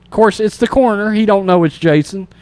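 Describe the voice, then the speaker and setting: A man hosting a casual horror movie review podcast, retelling scenes with animated energy and acting out sound effects and reactions. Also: high-pitched, fast talker, clear, resonant tone, dry recording. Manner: animated storyteller, imitates sounds and acts out reactions. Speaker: podcast host.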